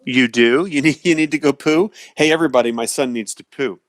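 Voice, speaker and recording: A man's voice: mid-range voice, a little fast. A man hosting a call-in radio show from his home office, talking casually into a cell phone in an easygoing, jokey way and chuckling often.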